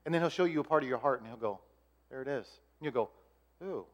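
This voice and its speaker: A middle-aged man preaching a conversational sermon, acting out little dialogues and dropping to hushed tones for quoted voices. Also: medium pitch, rapid-fire. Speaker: pastor.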